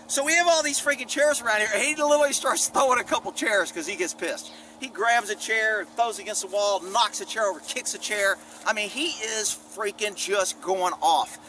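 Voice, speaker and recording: A man's voice: high-pitched, moderate pace, pushed and bright. A middle-aged man, a former police officer, telling stories in a casual vlog with a profane, rambling, candid way of talking. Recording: distant mic with faint background noise.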